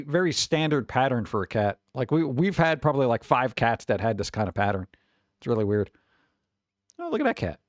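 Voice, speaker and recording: A young man streaming, chatting casually while reacting to pet pictures, animated and chuckling, sometimes putting on funny voices for the animals. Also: on the high side, no echo, highs cut off.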